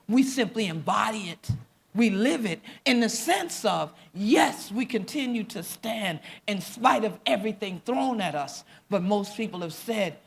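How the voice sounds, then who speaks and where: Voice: medium pitch, creaky, breathy edge. A speaker from the Gullah Geechee coast with a Gullah Geechee accent and Gullah as first language, giving an impassioned, emphatic conference talk that mixes Gullah creole and English. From Gullah Geechee coastal southeastern United States. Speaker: panel speaker. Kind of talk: conference speech.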